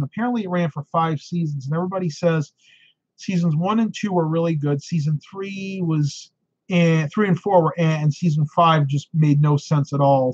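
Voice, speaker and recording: A man's voice: a little high, dry recording, highs cut off. A man hosting a live stream, chatting casually and answering viewer questions, tired and losing his voice, with frequent ums and laughs.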